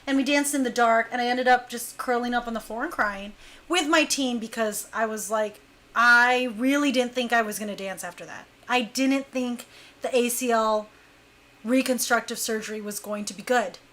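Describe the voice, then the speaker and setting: High-voiced woman telling a lively story. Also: normal speed. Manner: animated, laughs often, acts out quotes. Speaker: dance crew leader telling a story. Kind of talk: casual storytelling chat.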